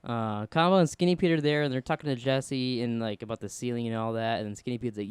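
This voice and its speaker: A man's voice: mid-range voice, quick pace, few pauses, smooth, dry recording. A young man co-hosting a podcast, rambling through stories in casual chat, acting out quotes and swearing often. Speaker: podcast co-host.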